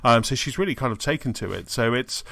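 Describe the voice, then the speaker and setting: A man's voice: mid-range voice, lively intonation, fast talker, gravelly, fairly bright tone, no echo. A man co-hosting a gaming podcast, chatting casually and enthusiastically with frequent restarts. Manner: enthusiastic, rambling with many restarts. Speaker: podcast co-host. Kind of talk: casual chat.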